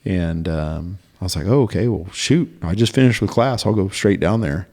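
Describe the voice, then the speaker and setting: A man telling a long personal story in casual podcast chat, halting and animated, with frequent fillers and restarts. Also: deep voice. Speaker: podcast guest.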